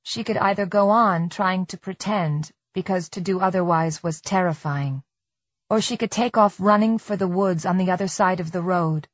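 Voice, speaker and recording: A woman reading a novel aloud in measured, even scripted narration. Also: lowish voice, no echo. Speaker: audiobook narrator. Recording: dry, slightly muffled recording.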